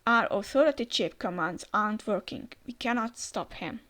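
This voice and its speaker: A woman reading out an urgent report by a male soldier in a comic, in a steady read-aloud way. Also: medium pitch, normal speed, close to an everyday voice.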